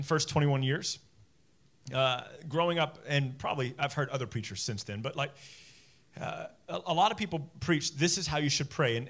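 A pastor in his forties delivers a sermon, talking to the congregation in a loose, animated way. His voice sits a little higher than most men's. He often breaks off for quick asides. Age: 40s. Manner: conversational, animated preaching with asides.

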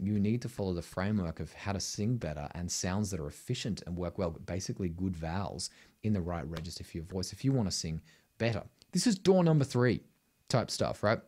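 A middle-aged man with an Australian accent gives a singing lesson straight to camera. His voice sits a little low, and he talks in an emphatic, blunt way, tagging "right?" onto most of his points. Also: darkish tone. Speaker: singing teacher. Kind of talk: vocal tutorial to camera.

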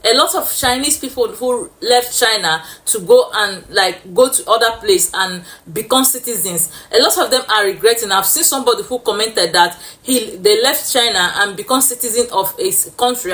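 A woman's voice: mid-range voice, a bit bright, poor audio. A woman hosting a reaction video, talking earnestly and with opinions to her viewers, often repeating herself. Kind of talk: casual commentary to viewers.

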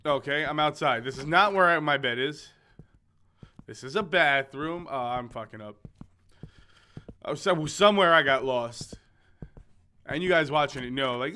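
Young male gaming host, loose jokey commentary, bright tone, slightly high voice. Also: expressive, normal speed, long pauses. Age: young adult. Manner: joking, rambling, swearing, frequent laughs and stammered restarts. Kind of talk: let's play commentary, reading game text aloud.

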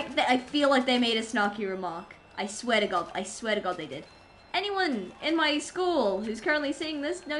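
A woman's voice: fairly high pitch, fairly bright tone, slight background noise, rough recording. A woman livestreamer rambling in casual chat with her viewers while gaming, giggling and poking fun at herself. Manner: rambling, giggly, self-mocking.

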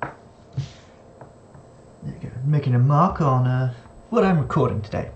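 A man's voice: medium pitch, measured pace, lo-fi sound, slight background noise. A man hosting a casual game commentary, chatty and playful, talking to the characters on screen. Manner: playful and chatty, talks to game characters, slips into silly voices. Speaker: gaming channel host. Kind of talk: casual let's-play commentary.

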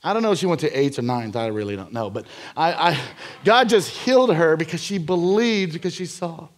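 A man preaching a live sermon in a church, telling healing stories in an energetic, jokey, rambling way full of fillers and restarts. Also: a little high, brisk. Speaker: guest preacher. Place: church sanctuary.

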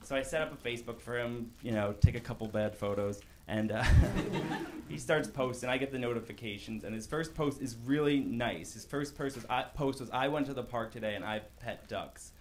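A young man doing a stand-up set on a comedy club stage, working the crowd with deadpan asides. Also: medium pitch. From Long Island, New York. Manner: crowd-work, deadpan asides, quick self-corrections. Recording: loud background noise in live club.

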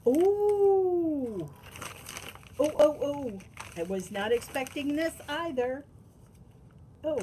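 A woman's voice: a little high, a little mellow, a little hiss or hum, rough recording. A woman hosting an unboxing vlog, gushing and gasping with delight as she opens packages. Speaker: tarot channel host.

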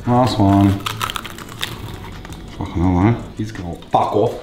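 A man's voice: fairly low pitch, unhurried, reverberant, music in the background. Foul-mouthed Australian man cooking. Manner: crude, swears constantly, joking. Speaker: cooking show host. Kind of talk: casual cooking demonstration. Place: home kitchen.

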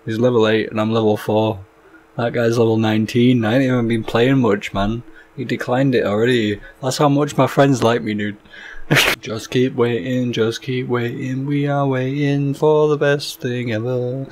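Male gaming YouTuber, average-pitched voice, chatty and sweary, prone to loud bursts of excitement. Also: moderate pace. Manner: excitable, swears a lot, sudden loud outbursts. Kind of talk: casual gameplay commentary.

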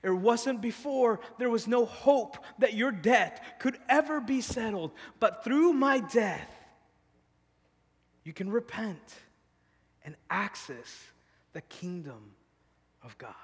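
A man preaching as pastor from a church stage, mixing scripture with casual, animated stories and frequent laughter. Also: high voice, takes it slowly, slightly rough, in a large hall. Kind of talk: sermon with personal storytelling.

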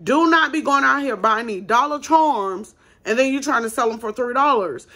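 A woman's voice: fairly high pitch, expressive, normal speed, sharp tone. A woman running her own small business, hosting a casual advice vlog and talking bluntly and emphatically straight to her viewers.

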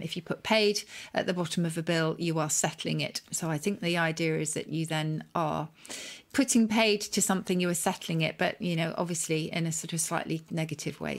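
A woman co-hosting a podcast who explains things in a thoughtful, careful way. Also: fairly low pitch. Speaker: podcast co-host. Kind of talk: casual chat.

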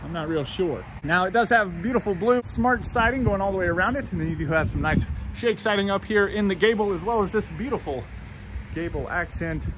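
Man, home tour host, upbeat, gushing, chatty, slightly high voice, faint background ambience. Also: expressive, fairly quick, noisy background. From United States. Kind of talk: enthusiastic home tour walkthrough. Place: model home, walking indoors and outdoors.

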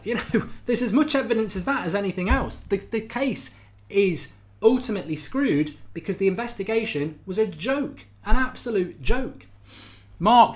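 Animated man hosting a podcast. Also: high-pitched. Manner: animated, repeats phrases for emphasis. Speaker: podcast host. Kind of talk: live debate podcast, reading viewer comments.

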